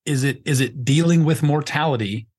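Fairly high and a bit husky yet slightly mellow, the podcast host's voice moves at a moderate pace. His emphatic talk wanders, breaks off and restarts as he searches for the right word, and he swears without much thought.

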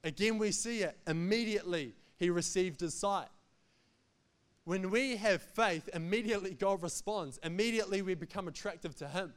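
A man's voice: high voice, normal speed, clean tone. A man preaching a sermon as pastor, emphatic and repetitive, with jokes between points.

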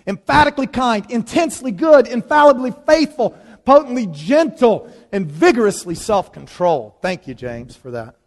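A man preaching a sermon in a lively, conversational way, leaning on dramatic pauses. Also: very high-pitched. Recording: long reverb of a large hall.

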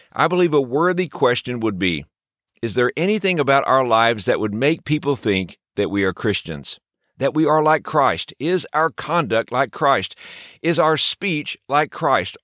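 A man's voice: mid-range voice, a bit bright, no room sound, clean studio sound. A man hosting a short daily devotional podcast, teaching in an earnest way with many rhetorical questions. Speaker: podcast host.

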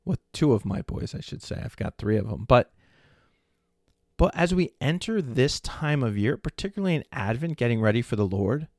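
A man's voice: medium pitch, animated, moderate pace, darkish tone, no echo, studio quality. A man in his forties hosting a faith podcast, telling a family story in a conversational way, often checking in with "right?". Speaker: podcast host. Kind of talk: faith-based solo podcast talk.

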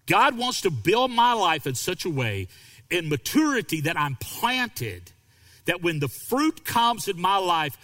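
A male pastor preaching a sermon, animated and acting out quoted voices. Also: high voice, measured pace, long reverb tail.

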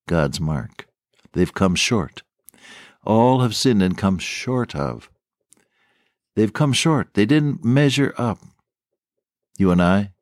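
Older preacher with a low, dry voice. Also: male voice, no room sound. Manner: storytelling, folksy and earnest. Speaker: radio preacher. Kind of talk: radio sermon.

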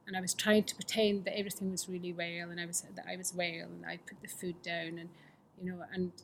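A woman's voice: on the low side, little pitch movement, quick pace, slight background noise. A woman telling her recovery story to a fellowship, candid and earnest, often sinking to a near-whisper. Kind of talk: personal recovery testimony.

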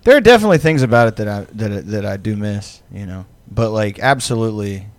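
A man's voice: lowish voice, expressive, fast talker, no room sound. A man co-hosting a podcast in casual chat, rambling and profane with lots of fillers, laughing often. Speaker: podcast co-host.

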